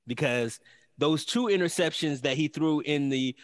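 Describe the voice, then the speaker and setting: A man's voice: a little high, moderate pace, in a large hall. Man introducing a sports segment. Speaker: sports podcast co-host. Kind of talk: casual sports chat.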